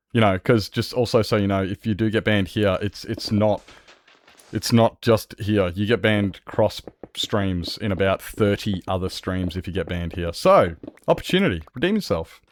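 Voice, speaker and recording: A man with an Australian accent streaming a game, chatting with his audience in a vulgar, jokey way that is rough around the edges. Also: on the low side. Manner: animated, jokey, laughs often. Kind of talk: live game-stream chat.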